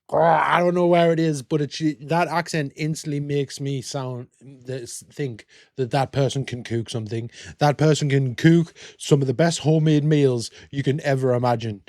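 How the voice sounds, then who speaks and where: A man's voice: mid-range voice, measured pace, darkish tone, no echo, studio quality. A British man hosting a reaction video, chatting casually and joking in rambling asides. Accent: British English. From Britain.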